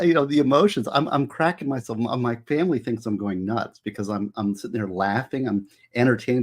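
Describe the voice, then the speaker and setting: A man with a somewhat husky, mid-pitched voice talks casually to his livestream audience. He muses aloud, asks the chat what they think, and weighs their answers as he goes. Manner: musing aloud, asking chat for opinions. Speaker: author hosting a livestream.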